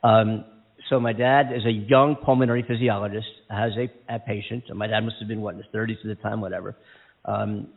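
A man's voice: on the low side, fairly even intonation, fairly quick, vocal fry, breathy edge. A male co-host telling a rambling story in casual chat. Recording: tinny phone-like line.

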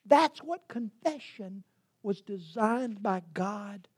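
Woman preacher, breathy and warm, sermon storyteller. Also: fairly high pitch, lively intonation, measured pace. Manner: storytelling, swinging from loud to hushed whispers.

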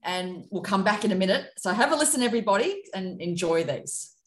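A woman hosts a casual podcast interview at a mid pitch, friendly and appreciative, with easy laughter between her questions. Her voice carries a noticeable roomy echo. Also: lively intonation, a little fast. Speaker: podcast host.

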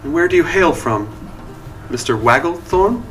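A man's voice: on the high side, expressive, normal speed, fairly bright tone, distant mic, slight background noise, pitched above the performer's own voice. A man voicing a dignified young woman adventurer who speaks formally and reproves others dryly. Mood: reserved.

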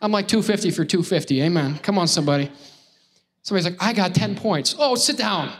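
Male pastor, high-pitched, playful preacher who works the room and keeps calling for responses. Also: lively intonation, quick pace. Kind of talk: lively sermon with crowd call-outs.

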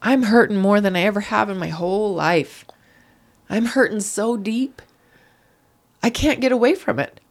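Middle-aged woman, podcast guest, earnest, animated storytelling, medium pitch. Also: moderate pace. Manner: earnest, animated, acts out quoted voices. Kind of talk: emotional personal storytelling.

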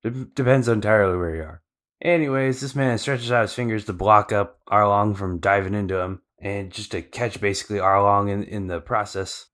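A man with a deep, low voice recaps the story for a podcast. His delivery is casual and slangy, with loose fillers and asides. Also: normal speed, a bit bright. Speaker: podcast co-host.

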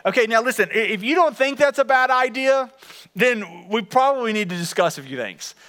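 A man preaching a sermon in a church, animated and conversational as he speaks straight to his congregation. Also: very high-pitched, a little fast. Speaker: pastor.

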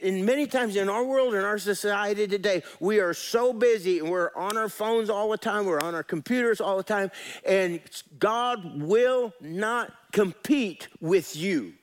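A man pastor preaching a sermon, folksy and animated, calling out to his congregation and swinging between soft and loud. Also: high-pitched.

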